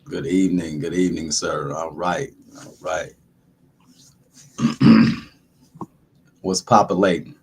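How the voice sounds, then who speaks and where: A man hosting a casual livestream, greeting viewers by name in a relaxed, repetitive way, with a dry throat. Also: low-pitched, takes it slowly, gravelly, long pauses, a little hiss or hum. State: dry throat, sucking a lozenge. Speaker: livestream host.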